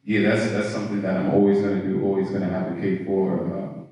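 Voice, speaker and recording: A man's voice: low-pitched, flat delivery, a little fast, warm tone, far from the mic. A man on an industry panel speaking earnestly and passionately to students. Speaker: panelist, footwear professional. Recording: echoey hall, mic from afar.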